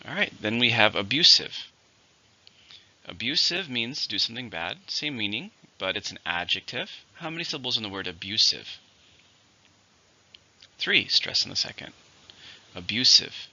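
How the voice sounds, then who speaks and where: A man teaching an English vocabulary lesson, slowing down to stress each syllable as he models new words. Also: on the low side, big pitch swings, sharp tone, muffled recording.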